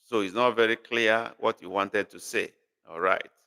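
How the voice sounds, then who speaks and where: A man's voice: lowish voice, steady tone, normal speed, gravelly, bright, forceful tone, clean tone. A man teaching a live online language class, patiently repeating and correcting a student's sentences. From Nigeria. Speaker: language tutor.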